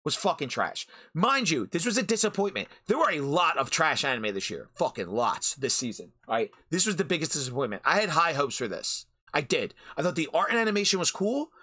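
A man's voice: on the high side, sing-song, fairly quick, hardly any pauses, bright, forceful tone, breathy edge. Fired-up, profane man ranting. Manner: profane, heated, repeats phrases for emphasis. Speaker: podcast host. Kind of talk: anime review rant. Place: home recording during a storm.

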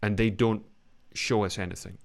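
British man, acting coach, fairly low voice, animated, demonstrates lines while critiquing. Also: moderate pace, gravelly. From Britain. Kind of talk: critiquing a scene in class.

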